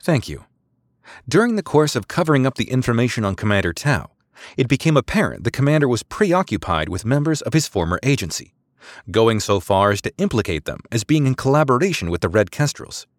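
A man's voice: mid-range voice, very animated, brisk, no room sound, clean studio sound, pitched above the performer's own voice, lightly acted. A man voicing a formal, coolly confident female naval lieutenant in an audiobook, in a raised, precise voice.

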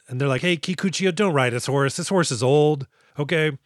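A man co-hosting a casual movie-review podcast, animated and profane, acting out characters as he recaps scenes. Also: a little high, moderate pace, hardly any pauses, no room sound, clean studio sound. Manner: animated, swearing, acts out characters in quotes. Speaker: podcast co-host.

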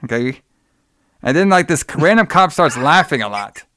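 A man's voice: on the high side, big pitch swings, normal speed, pushed and bright, no room sound, clean studio sound. A man co-hosting a casual podcast, retelling a horror film in a loose, rambling way, swearing freely and acting out the characters' lines. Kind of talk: casual chat.

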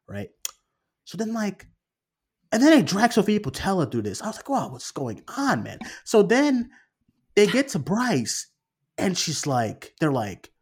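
A young man on a casual review podcast, telling a story with lots of energy and swearing freely. His voice sits a little high and leaps up and down, and he acts out his own reactions as he goes. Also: breathy edge. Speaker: film review podcast co-host. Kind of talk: casual chat.

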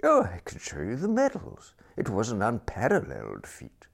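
A man's voice: lowish voice, wildly swooping pitch, normal speed, gravelly, pitched above the performer's own voice, heavily acted. A man voicing a vague, kindly elderly earl who talks eagerly and fussily. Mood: proud. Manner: eager, fussy, rambling.

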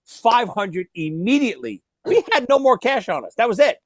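A man in a casual chat, excitedly chiming in with his own details of a shared story. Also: extremely high pitch, moderate pace. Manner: excited, chimes in, adds details.

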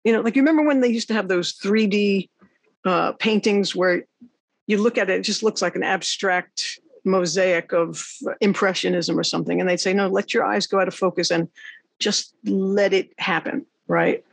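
A woman hosting an interview, a songwriter and teacher, telling animated, rambling stories in casual chat. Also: medium pitch, moderate pace, vocal fry, husky, no room sound.

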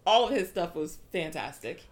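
A woman's voice: on the low side, sing-song, moderate pace. A woman co-hosting a casual film podcast, hesitant and agreeable. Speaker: podcast co-host.

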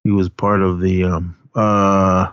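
A man's voice: level tone, takes it slowly, fairly bright tone, clean tone, no room sound, lo-fi sound. A man casually recapping a film's scenes on a podcast, acting out the characters' lines and laughing often. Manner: retells scenes, quoting characters in pitched-up voices, laughs often. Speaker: podcast co-host.

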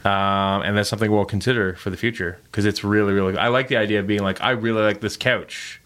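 A man's voice: fairly low pitch, fairly even intonation, fast, a bit bright. A young adult man co-hosting a casual podcast, reading listener questions and joking around with frequent laughs. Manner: jokey, laughs often, reads listener questions. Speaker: podcast co-host.

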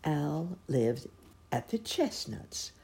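A woman slowly reading a classic children's book aloud in a gentle storytelling way. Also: low-pitched, sing-song, gravelly, breathy edge. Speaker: storybook reader.

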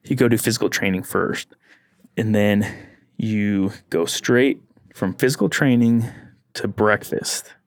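Casual podcast co-host, man, animated storyteller who laughs a lot, mid-pitched, dry close-mic sound. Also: a little slow, dry recording. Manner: animated storyteller, laughs often, acts out yelling.

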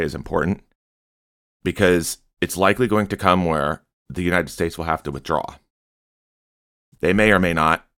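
A man's voice: low voice, fairly bright tone, dry recording, clean studio sound. A man reading a prophecy aloud and commenting on it in an earnest, exhorting way.

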